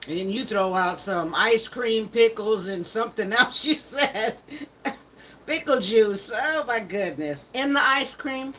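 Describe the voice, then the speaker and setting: A woman's voice: medium pitch, lively intonation, slow, fairly bright tone, slight background noise, rough recording. A woman hosting a live stream, casually reading viewer comments aloud and teasing them, laughing often. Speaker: livestream host.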